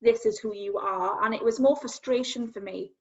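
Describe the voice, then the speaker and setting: A woman guest telling her personal story in an earnest, halting, self-searching way. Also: on the high side, darkish tone. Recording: dull lo-fi sound.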